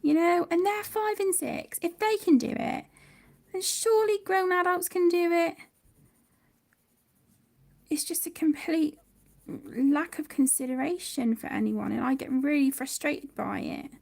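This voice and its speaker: Woman host, thirties, high gravelly voice, chatty livestream talk reading out comments. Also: measured pace, darkish tone. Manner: chatty, reads viewer comments aloud. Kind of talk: casual livestream chat.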